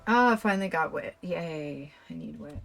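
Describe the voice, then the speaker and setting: A woman's voice: low-pitched, expressive, normal speed, creaky, a bit bright. A woman streamer giving casual, profane commentary while playing a story game and reading its text aloud. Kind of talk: casual let's-play commentary. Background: faint game music.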